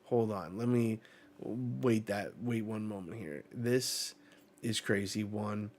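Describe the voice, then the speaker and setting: A man hosting a live manga reaction, reading the panels aloud and reacting with excited swearing. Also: fairly low pitch, slow pace, slight background noise.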